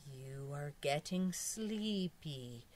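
A sly, calm hypnotist doctor, as a woman reading a storybook puts him on. He speaks slowly and softly, drawing out each word in a low, hushed voice. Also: slight background noise, exaggerated voice. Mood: soothing hypnotic. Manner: slow, soothing, hushed.

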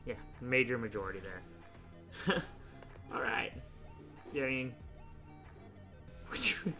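A young man hosting a casual gaming video, chatting and thinking out loud, often laughing as he rambles through choices. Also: on the high side. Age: young adult. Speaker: YouTube host playing a choice game.

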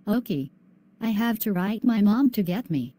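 A soft, earnest young schoolgirl, voiced by a female student in a school video. Her voice is mellow and warm at a middle pitch, gentle throughout. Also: lively intonation, moderate pace, close to an everyday voice. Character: young bullied albino schoolgirl, sad and gentle.

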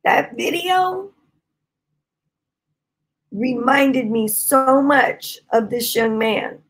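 A woman preaching a sermon, telling a testimony with impassioned shouting bursts. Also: sits high, lively intonation, extremely slow. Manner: impassioned, shouting bursts, Southern-style speech.

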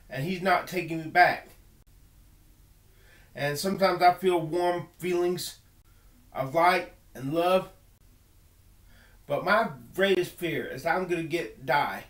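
A man's voice: fairly high pitch, slow, pauses often, fairly bright tone, reverberant. A man giving an earnest personal monologue, emphatic and full of repeated words and restarts. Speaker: video blogger.

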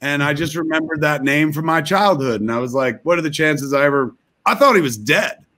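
A man's voice: a little high, a little fast, bright, forceful tone. A man telling a rambling, profane comic story over a video call.

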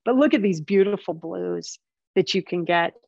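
A woman's voice: fairly low pitch, animated, normal speed, vocal fry, darkish tone, dry recording. An American woman giving a casual, chatty live online presentation over a video call. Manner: chatty, apologetic through tech glitches. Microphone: video call setup. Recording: dry, slightly muffled video call audio.

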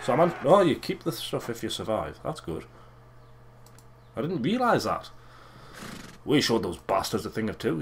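A young man giving casual, crude and excitable commentary over a video game. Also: medium pitch, moderate pace, vocal fry, long pauses, slight background noise. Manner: crude, swearing, excitable and joking. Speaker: let's play gamer.

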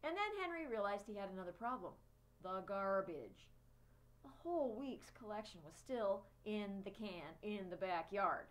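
A woman reading a children's chapter book aloud, expressive. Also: mid-range voice, moderate pace, poor audio. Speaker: storyteller.

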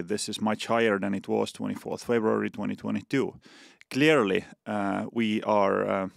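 Estonian accent guy explaining defense stuff, lots of uh's, super gravelly, dead dry sound. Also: lowish voice, no room sound. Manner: deliberate, frequent uh fillers and restarts. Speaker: defense ministry official, podcast guest. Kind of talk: measured policy explanation.

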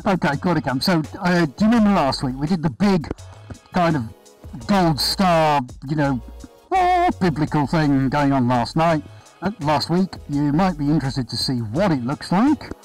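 A man's voice: fairly high pitch, big pitch swings, normal speed, soft background music, poor audio. A man hosting a live painting stream from his studio, chatting casually and greeting viewers by name in an upbeat way. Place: art studio, indoors. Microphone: body-worn chest camera.

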